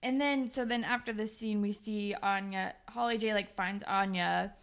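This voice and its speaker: A woman's voice: mid-range voice, fairly even intonation, normal speed, clean tone. A young woman co-hosting a podcast, casually recapping a TV episode and acting out the characters' lines. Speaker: podcast co-host.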